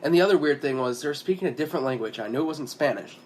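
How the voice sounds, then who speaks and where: Homem de voz média contando histórias. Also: male voice, a little high, very fast, a little hiss or hum. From United States. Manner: rambling storyteller, animated when amused. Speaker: podcast co-host. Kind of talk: casual chat.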